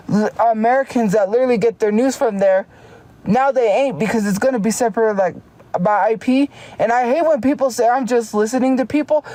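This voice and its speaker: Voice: medium pitch, darkish tone, dry recording. Heated livestreamer ranting casually. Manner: heated, talks fast and restarts sentences often. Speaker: live streamer.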